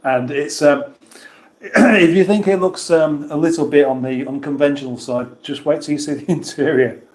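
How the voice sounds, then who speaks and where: A man's voice: fairly high pitch, moderate pace, darkish tone. Chatty man with a roomy echo. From England. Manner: chatty, self-mocking, reads comments aloud. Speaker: livestream host reading chat. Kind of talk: casual livestream chat.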